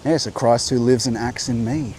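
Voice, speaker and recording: A man's voice: mid-range voice, little pitch movement, normal speed, darkish tone, a little hiss or hum. Rambling man on a coastal walk. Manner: rambling, musing, self-interrupting. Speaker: host. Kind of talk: walking vlog monologue. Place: outdoor coastal walk by a beach. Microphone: clip-on mic.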